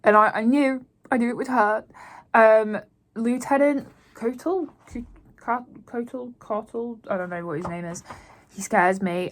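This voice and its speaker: A woman from Yorkshire, giving a chatty book-reading update full of "like" and open feeling. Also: mid-range voice. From Yorkshire, England. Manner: chatty, heavy use of "like", openly emotional about the book. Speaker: book vlogger and author.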